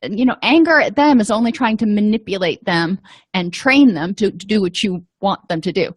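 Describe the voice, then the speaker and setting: Calm woman giving advice, dry sound. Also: medium pitch, normal speed, no echo. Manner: calm, explanatory, with frequent ums and you-knows. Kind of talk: casual advice talk.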